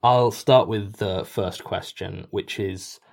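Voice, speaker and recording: A British man, a podcast writer and performer, answers interview questions casually, hesitating with many fillers and cracking dry, self-mocking jokes. His voice is lowish and creaky, with a steady tone and slow pace.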